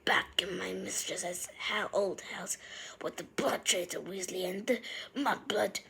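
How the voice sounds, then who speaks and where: A woman voicing a bitter old male house elf servant, mostly in a hushed, croaking whisper. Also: fairly high pitch, unhurried. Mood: muttering.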